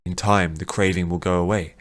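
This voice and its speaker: A man voicing a calm, patient old man who reasons gently with a troubled younger man. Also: sits low, a little fast, lightly acted.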